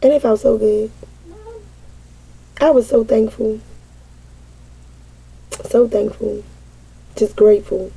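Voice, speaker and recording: A woman's voice: a little high, steady tone, takes it slowly, vocal fry, pauses often, dark tone, husky, poor audio. A woman in casual spiritual reflection, talking with a repetitive, emphatic, preacher-like cadence. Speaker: mother speaking to an online audience.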